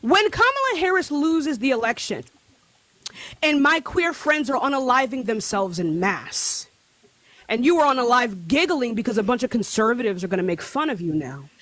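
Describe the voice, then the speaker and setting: A woman guest on a livestream panel, arguing passionately and building to shouting. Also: on the high side, sing-song, normal speed, dry recording, poor audio. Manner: impassioned, escalating into shouting. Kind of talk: heated livestream panel argument.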